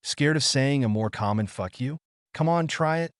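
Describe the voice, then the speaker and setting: A man's voice: medium pitch, lively intonation, normal speed, dry recording, studio quality, voice pushed up, natural voice. A man voicing a brash, crude young man who taunts and curses. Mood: taunting.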